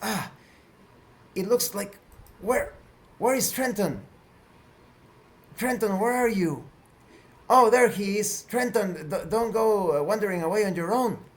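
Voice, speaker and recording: A woman's voice: sits low, brisk, few pauses, a little mellow, close to an everyday voice. A man voicing a nervous woman who stammers and hesitates as she speaks. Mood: anxious.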